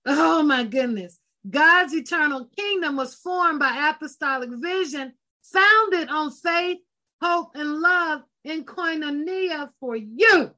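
A woman's voice: high-pitched, lively intonation, takes it slowly, pushed and bright. A woman preaching a sermon with fervent, emphatic delivery, repeating phrases and breaking into exclamations.

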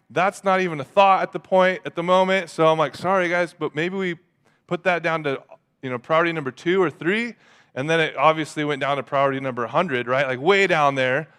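A man preaching a sermon as pastor in a casual, animated way, often acting out quotes. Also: fairly high pitch, clean tone.

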